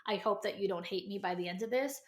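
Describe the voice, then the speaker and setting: A woman's voice: mid-range voice, fast talker, roomy sound. Blunt tough-love woman podcaster. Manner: blunt tough-love delivery, emphatic repetition. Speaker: podcast host giving advice. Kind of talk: solo advice podcast.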